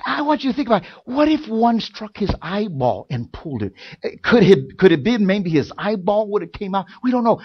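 Man preaching a sermon, fairly high voice, soft then shouting, muffled lo-fi church recording. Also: sing-song, brisk, slightly rough. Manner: builds to loud preaching, swinging between soft and shouted. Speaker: pastor. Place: church sanctuary.

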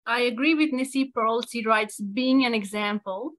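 A woman moderates an online talk, reading audience comments and questions at a brisk clip. Her voice sits somewhat high. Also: fairly bright tone, rough recording.

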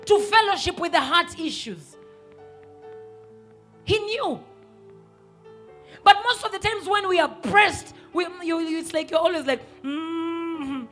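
A woman pastor, preaching a sermon emphatically and sometimes rising to a shout. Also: extremely high pitch, lively intonation, a little slow, long pauses, soft background music. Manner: emphatic, rises to shouts and acts out quoted voices.

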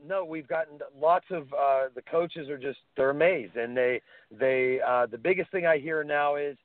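A man's voice: mid-range voice, dry recording. Male phone-in guest, eager storyteller, sound thin and dry like a phone call. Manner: enthusiastic storyteller, animated anecdotes. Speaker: guest, helmet pad inventor. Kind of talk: phone-in radio interview. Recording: dry tinny phone line.

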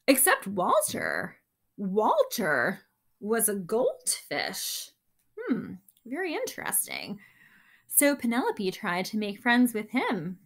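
A woman reading a picture book aloud to children, with expressive, chatty asides to her young listeners. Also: mid-range voice, takes it slowly. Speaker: story time reader.

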